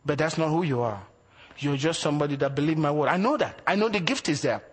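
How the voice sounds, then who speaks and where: A man preaching a sermon as pastor, asking rhetorical questions and swinging between loud emphasis and quiet asides. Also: fairly high pitch, animated, quick pace, slightly rough.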